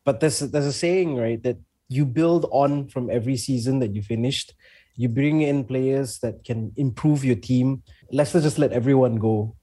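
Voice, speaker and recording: A man's voice: medium pitch, normal speed, warm tone, breathy edge. A man on a football panel show, giving frank, emphatic opinions on a struggling team. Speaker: football pundit.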